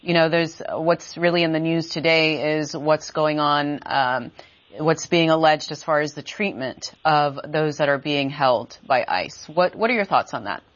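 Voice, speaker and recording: A woman hosting a call-in radio show, brisk and conversational with callers. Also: sits low, lo-fi sound. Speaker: radio host.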